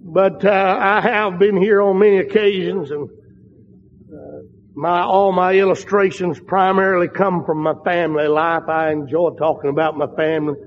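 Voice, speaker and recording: An older man preaching a sermon with fervent, drawn-out emphatic phrases. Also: high-pitched, steady tone. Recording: dull lo-fi sound in a large reverberant hall.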